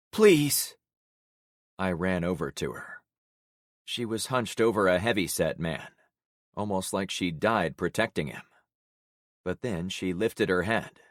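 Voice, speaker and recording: Low-voiced man narrating a gritty audiobook. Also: no room sound, clean studio sound. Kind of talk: first-person audiobook narration.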